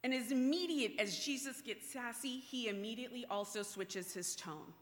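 A woman preaching a sermon, animated with playful asides, then hushed and earnest. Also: a little high, normal speed. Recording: long hall reverb.

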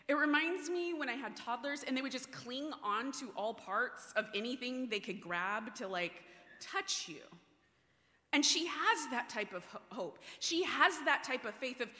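A woman preaching a sermon, animated with playful asides, then hushed and earnest. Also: a little high, moderate pace. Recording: long hall reverb.

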